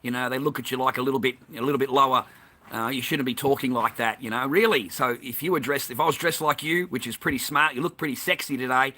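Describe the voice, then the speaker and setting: Bright-voiced Australian man ranting, profane. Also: medium pitch, fast talker. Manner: profane, heated and repetitive. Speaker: vlogger. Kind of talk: angry ranting monologue.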